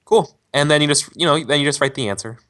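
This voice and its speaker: A man's voice: fairly high pitch, fast talker, fairly bright tone. A man at a tabletop game who explains the rules to another player in casual chat.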